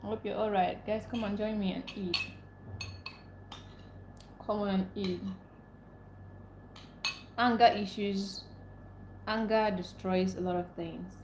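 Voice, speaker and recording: A young woman from Nigeria hosts a casual live stream, calling out viewers by name as she reads their comments. Her voice sits at a middle pitch and sounds emotional and upset, with a rant running through it. The room is echoey, and there is a faint hum of background noise. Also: fairly even intonation, moderate pace, long pauses. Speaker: livestream host.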